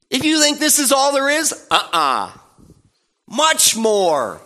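A man preaching a sermon in a playful, animated way, acting out little voices and sounds. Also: extremely high pitch, slow pace.

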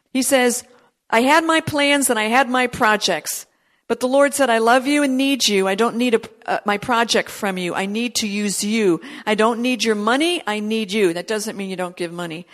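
A woman preaching a sermon in an earnest, emphatic way, her voice pitched a little high. She restarts her sentences often and pushes her delivery harder as she goes. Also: moderate pace. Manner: earnest, emphatic preaching with rising intensity on quoted prophecy; frequent restarts and fillers. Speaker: pastor.

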